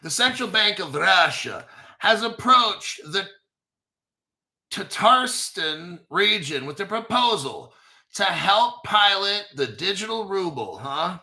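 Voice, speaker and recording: A man's voice: high-pitched, sing-song, slow, sharp tone. A man hosting a live crypto show, talking casually and profanely, and bantering with himself as he reads articles. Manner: profane, talks back to himself.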